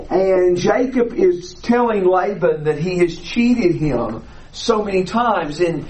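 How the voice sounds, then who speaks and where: A man teaching a classroom Bible lesson, explaining deliberately and putting questions to the class. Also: high voice, low-quality recording.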